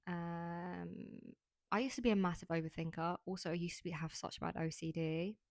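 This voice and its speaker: A young woman talks through a casual solo podcast in a rather low voice. She is frank and rambling, scattering "like" through her sentences. The sound is dry and close. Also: fairly even intonation, moderate pace, no room sound. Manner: chatty, frank, heavy use of "like". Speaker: podcast host. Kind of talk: casual monologue.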